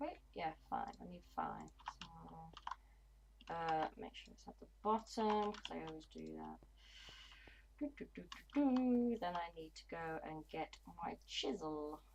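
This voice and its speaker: A woman's voice: on the low side, creaky, a little mellow, slight background noise, rough recording. Blunt woman chatting on stream. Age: 20s. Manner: chatty and blunt, swears freely, mutters to herself while playing. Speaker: gaming livestreamer. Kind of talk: casual livestream chat while playing.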